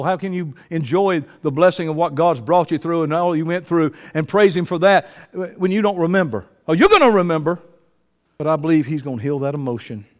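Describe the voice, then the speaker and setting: A man preaching a sermon, folksy and emphatic, swinging from loud shouting to a quiet, breaking voice. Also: mid-range voice. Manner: folksy, emphatic, reads scripture aloud. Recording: long reverb of a large hall.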